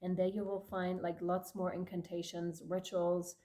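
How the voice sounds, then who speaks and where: A woman giving a tarot reading to her viewers, effusive and emotional, laughing often and addressing listeners warmly. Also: lowish voice, level tone, normal speed. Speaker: tarot reader.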